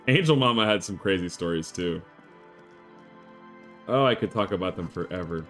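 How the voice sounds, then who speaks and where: A man streaming a game, chatting casually with an animated, rambling storytelling manner. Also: low-pitched, unhurried. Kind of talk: casual chat while playing a game. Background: faint game music.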